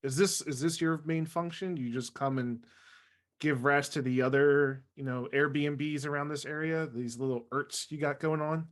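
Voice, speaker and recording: A man's voice: fairly high pitch, fairly even intonation, moderate pace. A man playing a tabletop game, trading sarcastic, joking banter in character. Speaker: player.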